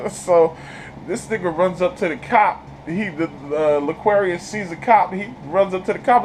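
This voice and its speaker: A man gives a casual spoiler review of a TV episode, retelling scenes in colloquial, laid-back slang, laughing often and slipping into character voices. His voice sits high at a moderate pace, on a low-quality recording with slight background noise.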